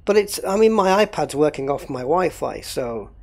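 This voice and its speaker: Gravelly-voiced man chatting on a livestream. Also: on the high side, expressive, moderate pace, darkish tone. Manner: rambling, thinking aloud while troubleshooting. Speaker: gaming livestreamer. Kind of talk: casual livestream chat.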